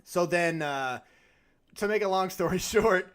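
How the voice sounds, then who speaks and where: A man co-hosting a podcast, retelling a film in casual chat with animated, acted-out quotes. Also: high voice, a little slow, smooth. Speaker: podcast co-host.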